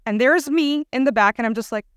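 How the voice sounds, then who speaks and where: A woman's voice: sits high, brisk, no room sound, clean studio sound. Chatty young woman preaching to youth. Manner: chatty, animated, lots of "like". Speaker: guest youth speaker. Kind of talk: casual storytelling sermon.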